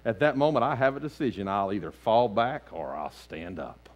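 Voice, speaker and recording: A man preaching a sermon as lead pastor in a church sanctuary, animated, swinging between loud outbursts and hushed lines. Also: on the low side, normal speed.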